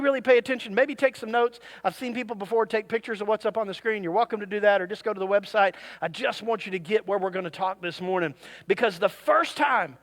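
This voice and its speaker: A pastor preaching a sermon to his congregation, with animated delivery and jokey asides to the crowd. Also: sits high. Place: church service.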